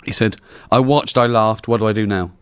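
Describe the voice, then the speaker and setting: A man's voice: on the low side, steady tone, a little fast, clear, resonant tone. A man in his forties with an English accent, a comedian telling rambling stories in an interview, laughing at his own punchlines. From England. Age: 40s. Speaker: comedian guest. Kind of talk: casual anecdotal interview talk.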